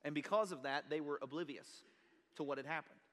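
A pastor preaching a sermon, telling a personal story in an earnest, conversational way. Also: male voice, fairly high pitch, brisk, a bit bright. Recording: long reverb of a large hall.

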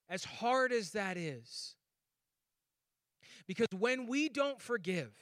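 A man's voice: sits high, pushed and bright, no echo, clean studio sound. A man preaching a sermon as pastor, telling stories animatedly with acted voices and laughs.

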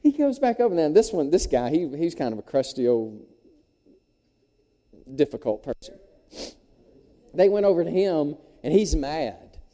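A man, preaching a sermon in a folksy, animated storytelling way. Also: a little high, a little slow, long pauses, long reverb tail. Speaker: pastor. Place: church sanctuary.

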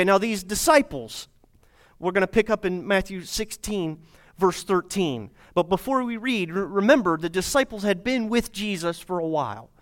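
A man's voice: high-pitched, fairly bright tone. A man preaching a sermon as pastor, speaking to his congregation with repeated phrases and rhetorical questions. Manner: repetitive, rhetorical questions, addresses congregation directly.

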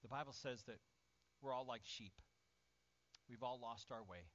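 A male pastor preaching a lively sermon, swinging from loud, acted-out outbursts to near-whispers. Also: medium pitch, unhurried. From Indiana, USA. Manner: animated, acts out voices and swings from shouting to near-whisper. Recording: dull lo-fi sermon audio.

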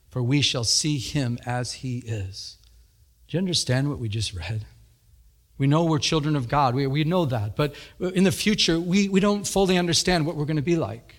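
A male pastor giving a sermon in a church, earnest, repeating himself and lifting his voice for emphasis. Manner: earnest preaching that rises in pitch for emphasis, with frequent repetitions.

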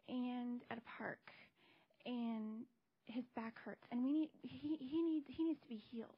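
A woman telling a personal testimony in a casual, animated way, acting out the voices she quotes. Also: on the high side, normal speed. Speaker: church member sharing a testimony. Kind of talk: casual storytelling. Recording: dull lo-fi recording.

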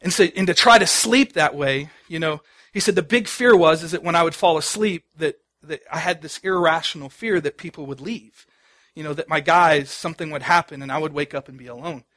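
A pastor giving a sermon, telling stories in a conversational way with many fillers. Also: male voice, fairly high pitch, brisk, a bit bright. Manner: conversational storytelling with frequent fillers.

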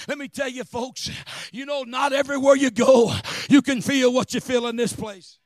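A middle-aged man preaching a sermon, shouting and chanting, calling for amens from the congregation. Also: extremely high pitch, fairly even intonation, normal speed, no echo.

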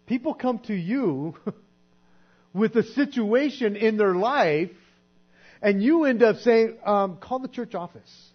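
A man's voice: high-pitched, lively intonation, slow pace, long pauses. A man preaching a sermon in an earnest, conversational way, often repeating words as he goes. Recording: dull lo-fi recording with mains hum.

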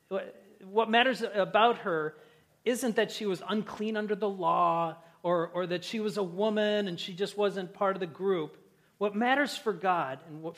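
A man with a notably high voice preaches a sermon from the pulpit. He keeps it conversational, chatting with the congregation and throwing in jokes. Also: a bit bright. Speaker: pastor.

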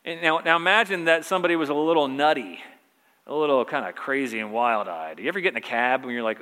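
Bright-voiced pastor preaching in a hall. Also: male voice, medium pitch, animated, brisk. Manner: conversational preaching with repeated phrases. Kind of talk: sermon. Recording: reverberant hall.

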